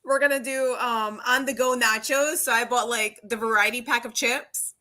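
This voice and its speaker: A woman co-hosting a podcast, a mother talking through everyday things in a relaxed, matter-of-fact way. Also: on the high side, normal speed. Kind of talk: casual chat.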